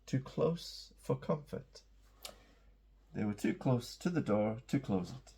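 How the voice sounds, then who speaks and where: A man's voice: fairly high pitch, sing-song, slow, creaky, warm tone, husky. A man giving a casual, playful English lesson, chatty and self-mocking. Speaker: English teacher.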